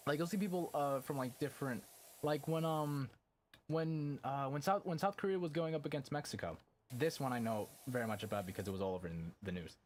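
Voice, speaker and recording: A man's voice: mid-range voice, brisk, a little mellow, slight background noise. A young adult man chatting casually on a live stream, rambling and packing his talk with fillers and casual swearing. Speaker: game streamer.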